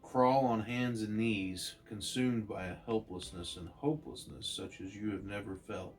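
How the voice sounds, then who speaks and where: A man voicing a solemn, aloof male alien watcher from a comic, speaking slowly and portentously. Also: on the low side, steady tone, soft background music, lightly acted. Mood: ominous.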